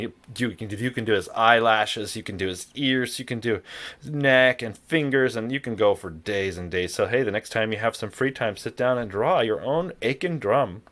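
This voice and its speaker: In an online music lesson for kids, a man plays around and demonstrates, singing a lot and experimenting with voice sounds. His voice is lowish and a bit bright.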